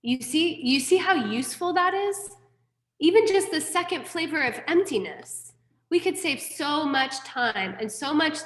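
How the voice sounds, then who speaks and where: A woman's voice: high voice, a bit bright, reverberant. A woman teaching a Buddhist class, frank and candid, with casual asides and the odd swear word. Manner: frank, candid teaching with mild profanity and self-deprecating asides. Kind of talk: dharma class lecture.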